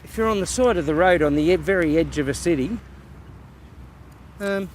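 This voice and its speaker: Australian male vlogger, slightly high voice, folksy and rambling, recorded outdoors with faint traffic hiss. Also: animated, moderate pace, long pauses. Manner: folksy and rambling, with bush slang. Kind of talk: casual walking vlog. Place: outdoors in the bush by a road.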